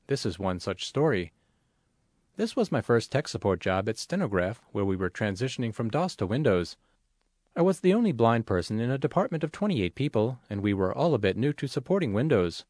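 A man reads magazine articles aloud in a scripted way, clear and measured. His pitch moves a lot, giving the reading lots of life. The sound is dry and close, with no room echo. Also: darkish tone. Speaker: reader of an audio magazine. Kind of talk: scripted read-aloud narration.

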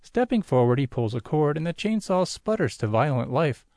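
A man's voice: sing-song, moderate pace, warm tone, dry recording, studio quality. A man reading a science fiction story aloud, narrating and doing the characters himself. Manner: reads all character voices himself with small pitch shifts. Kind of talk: audiobook narration of a sci-fi story.

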